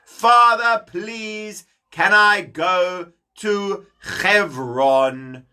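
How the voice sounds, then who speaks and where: Sly smooth-talking prince a guy puts on, bright, high, gushes all over you. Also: extremely slow, full character voice. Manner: gushing, overfriendly. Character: scheming charming young prince.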